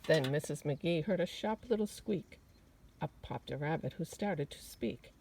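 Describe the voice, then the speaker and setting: Expressive woman reading a picture book. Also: low voice, a little slow, slightly rough, rough recording. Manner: warm, expressive, rhyming cadence. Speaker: storyteller reading to children. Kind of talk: picture-book read-aloud.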